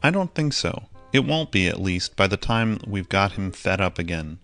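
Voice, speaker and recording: A man reading an audiobook voices a kindly gentleman who speaks in a courteous, reassuring way. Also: low voice, sing-song, normal speed, soft background music, heavily acted. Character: kindly well-off gentleman, generous and calm.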